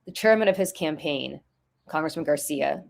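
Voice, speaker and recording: A middle-aged woman with a low, gravelly voice talks politics with blunt fire. She swears freely and hammers each point by saying it again. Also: moderate pace. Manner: fiery, blunt and profane, with emphatic repetition. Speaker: podcast co-host. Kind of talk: political commentary chat.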